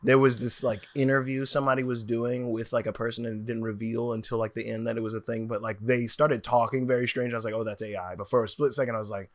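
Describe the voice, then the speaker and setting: A man's voice: mid-range voice, little pitch movement, fast, few pauses. A man co-hosting a podcast, telling stories animatedly in casual chat. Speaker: podcast co-host.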